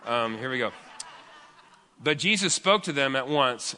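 Bright-voiced pastor preaching in a reverberant hall. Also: male voice, medium pitch, expressive, measured pace, a little hiss or hum. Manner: conversational and joking, with frequent restarts. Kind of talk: sermon.

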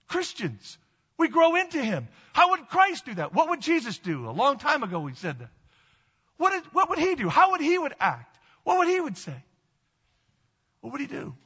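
A man's voice: sits high, sharp tone, breathy edge, in a large hall, lo-fi sound. A man preaching a sermon as pastor, emphatic and repetitive, calling on the congregation to repeat after him.

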